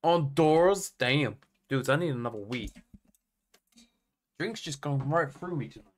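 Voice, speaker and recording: A man's voice: a little high, lively intonation, unhurried, slight background noise. An English man casually commenting on a game for his live chat, humming idle tunes between remarks. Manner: hums idle tunes while playing, talks to chat casually. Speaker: game streamer.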